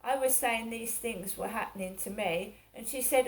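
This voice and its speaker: A woman's voice: fairly high pitch, moderate pace, hardly any pauses. A middle-aged woman, talking through her day in a rambling, aggrieved personal monologue that circles back on itself. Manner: rambling and aggrieved, repeating herself. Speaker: vlogger.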